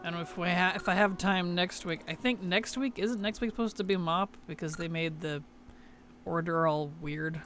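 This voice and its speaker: A man's voice: high-pitched, moderate pace, a bit bright, soft background music. A man streaming a video game, chatting casually in an offhand, mumbly way and letting his sentences trail off. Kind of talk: casual gaming chat.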